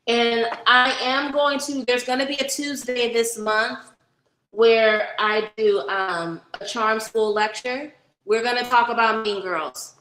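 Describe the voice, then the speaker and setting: A woman's voice: a little high, fairly bright tone, echoey room, poor audio. A woman hosting a casual livestream, chatting directly with viewers and giving a tarot reading, swearing freely. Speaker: spiritual reader and livestream host.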